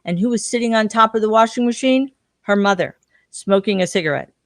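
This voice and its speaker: A woman's voice: mid-range voice, a little fast, dry recording. Woman telling stories, dry close sound. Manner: animated storyteller acting out quoted people. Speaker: guest researcher. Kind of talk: interview storytelling.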